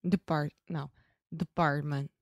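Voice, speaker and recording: A woman's voice: sits low, fairly even intonation, slow pace, dry recording, studio quality. A woman, a learner in a casual lesson, giggling and carefully repeating words. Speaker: English learner.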